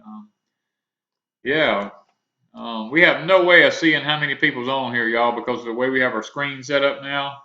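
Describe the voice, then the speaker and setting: A man's voice: mid-range voice, normal speed, bright, forceful tone, lo-fi sound. Drawling Southern man in an echoey room. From southern United States. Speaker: homestead channel co-host. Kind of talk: casual livestream chat.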